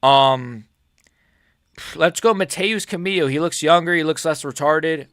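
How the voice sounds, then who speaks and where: A man hosting a casual fight predictions vlog, excitable and jokey, swearing freely and correcting himself mid-sentence. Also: a little high, measured pace, clear, resonant tone, no echo, clean studio sound. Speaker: MMA prediction channel host.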